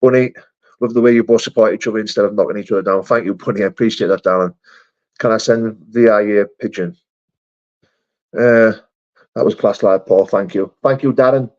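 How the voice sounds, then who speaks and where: A man hosts a casual live stream, answering viewer comments in a friendly, matey way. His voice sits fairly low. The audio is dull and lo-fi. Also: brisk, a little mellow. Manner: chatty, matey, calls viewers mate and brother.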